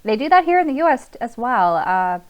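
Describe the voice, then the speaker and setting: Relaxed woman podcast guest. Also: a little high, fairly quick. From California. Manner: relaxed, hesitant with fillers, light laughter. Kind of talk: casual chat.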